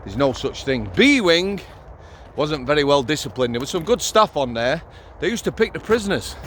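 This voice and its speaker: Very animated and a bit bright, this middle-aged man's slightly high voice keeps a moderate pace. A former prison officer and channel host, he shares casual, blunt, sweary vlog stories outside amid faint street noise.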